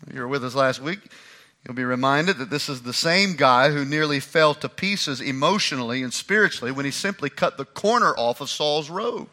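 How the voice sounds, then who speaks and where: A man's voice: mid-range voice, moderate pace, pushed and bright. A man preaching a sermon, walking through a Bible passage and acting out the lines he quotes. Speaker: pastor.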